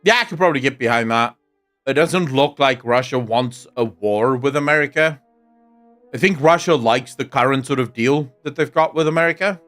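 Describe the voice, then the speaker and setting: A man's voice: medium pitch, normal speed, a bit bright, faint music behind. A young man with a South African accent, chatting casually and crudely on a live stream, joking and swearing as he reacts to chat. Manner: sardonic, joking, frequent laughter and swearing.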